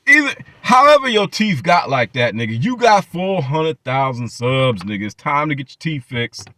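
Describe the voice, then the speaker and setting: A man's voice: a little high, very animated, normal speed, bright, forceful tone, no echo. A man hosting his channel, ranting in profane reaction commentary and mocking people with repeated phrases. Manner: mocking, profane rants with many repetitions. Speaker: channel host.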